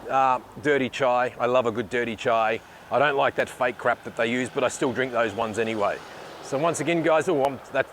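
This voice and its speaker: A man's voice: medium pitch, a little hiss or hum. An Australian man hosting a casual walk-and-talk vlog, filming himself on a handheld camera and rambling cheerfully as he thanks people. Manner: chatty, rambling, says thank you a lot. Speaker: vlogger host. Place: bakery and city street, indoors and outdoors.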